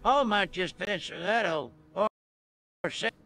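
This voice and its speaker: A synthetic male voice plays a folksy backwoods handyman who drawls slowly and rambles in garbled country talk. The voice sits high and bright and leaps all over its range. Faint music hums under it. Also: animated, no room sound, clean studio sound, full character voice. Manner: slow, garbled country speech. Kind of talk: synthetic game character voice.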